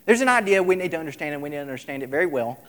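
A man preaching a sermon, emphatic, repeating his lines and swinging between loud and soft. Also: a little high, lively intonation, very fast. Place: large hall, tonight service. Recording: echoey hall with long reverb.

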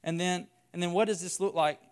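A man's voice: high voice, steady tone, fairly quick, clean tone. A man preaching a sermon in an earnest way, building his points by repeating phrases.

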